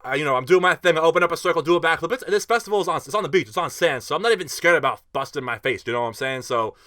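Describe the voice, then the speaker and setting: A young man telling a festival story in a casual vlog, animated and slangy, with lots of fillers and swearing. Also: on the high side, rapid-fire, no room sound, studio quality.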